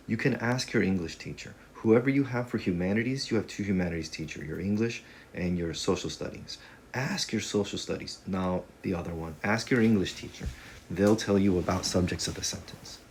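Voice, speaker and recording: A man's voice: deep voice, darkish tone, slight background noise. A man teaching a casual video lesson on Spanish grammar, talking in a conversational, joking way with playful asides.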